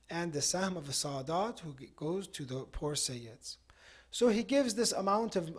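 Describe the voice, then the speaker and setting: A man delivers a Ramadan night sermon in a mosque, his voice sitting a little above the usual male range. He tells a moral story in a loose, conversational way, with frequent "you know" asides. He moves smoothly from the story into a closing prayer. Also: sits high. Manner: ends with a supplication. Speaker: cleric giving a Ramadan night talk.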